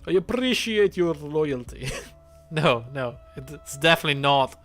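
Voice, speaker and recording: A man's voice: fairly high pitch, animated, moderate pace, fairly bright tone, soft background music. A man streaming a game, chatting casually, thinking aloud and swearing now and then. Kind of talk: casual gameplay commentary.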